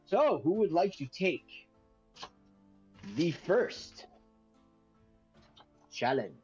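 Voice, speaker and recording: A man narrating as game master in a tabletop game, rambling and crude, quick to laugh. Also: high-pitched, big pitch swings, a little mellow, soft background music. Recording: dull lo-fi.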